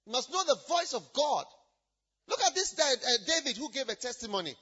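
Woman preacher, sermon, high and lively, bright husky tone, emphatic and repetitive. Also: a little fast, dull audio. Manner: emphatic, repetitive, alternating shouts and hushed asides.

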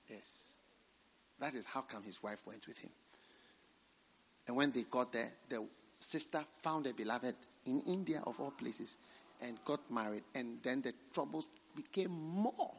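Preacher swinging from hush to shout. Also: male voice, mid-range voice, expressive, unhurried, in a large hall, slight background noise. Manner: dramatic swings from hushed near-whispers to loud emphatic shouts. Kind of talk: sermon.

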